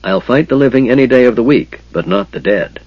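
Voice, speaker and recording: A man's voice: medium pitch, expressive, a little fast, no room sound, muffled recording, voice pushed up, close to an everyday voice. A man voicing a big, good-natured male warrior who talks in an easygoing, coaxing way. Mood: flippant.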